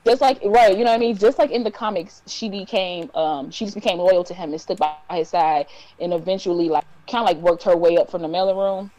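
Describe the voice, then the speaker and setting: A woman's voice: fairly low pitch, steady tone, a little fast, dark tone, low-quality recording. A woman from Detroit co-hosting a casual podcast chat, talking in a rambling way with many ums and restarts. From Detroit, USA. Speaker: podcast co-host.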